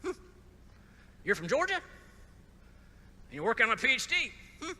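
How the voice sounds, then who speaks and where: A blunt, gruff priest in his late eighties, a New England curmudgeon, put on by a man telling a story. The voice jumps up high and loud, sharp and bright, with a long reverb trailing through a big hall. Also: sing-song, moderate pace, exaggerated voice. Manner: gruff, blunt clipped questions.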